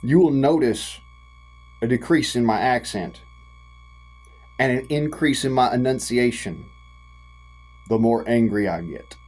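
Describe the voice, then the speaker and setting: A man's voice: medium pitch, a little mellow, rough recording. A man from the United States, giving an impassioned direct-to-camera rant in a folksy, profane way. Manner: folksy and profane, drawn-out emphatic phrasing. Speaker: vlogger.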